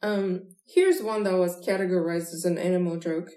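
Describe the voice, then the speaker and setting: A woman's voice: fairly low pitch, fairly even intonation, moderate pace, dark tone. A woman hosting a casual chat and telling jokes, laughing easily. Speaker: podcast host. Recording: echoey room.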